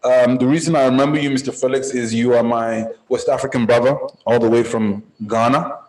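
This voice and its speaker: A man's voice: medium pitch, steady tone, a little fast. Upbeat man on a roomy call. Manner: upbeat, chatty shout-outs. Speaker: forex trading coach. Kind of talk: casual live group call. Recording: roomy echoey sound.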